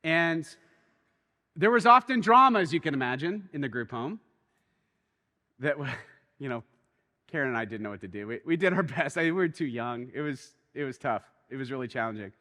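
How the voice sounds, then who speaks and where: A man preaching a sermon as a pastor, telling a story in an animated way that swings between quiet and excited. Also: medium pitch, moderate pace, long pauses, big-room sound. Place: church.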